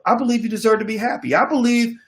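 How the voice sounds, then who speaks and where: A middle-aged man giving an animated political commentary monologue, emphatic and repeating his phrases as he builds a point. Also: very high-pitched, quick pace. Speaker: commentary host.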